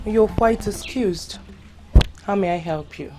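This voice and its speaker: A Nigerian actress playing a proud, scheming young woman who speaks slowly and with disdain. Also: medium pitch, over loud music, natural voice. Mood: disdainful. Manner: disdainful, slow, threatening. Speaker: actor. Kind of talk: film drama acting.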